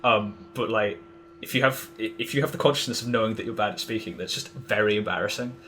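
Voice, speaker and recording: A man's voice: lowish voice, fast talker, bright, forceful tone, a little hiss or hum. A young man talking as a podcast guest, hesitant and casual, full of fillers and restarts. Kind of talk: casual conversational interview.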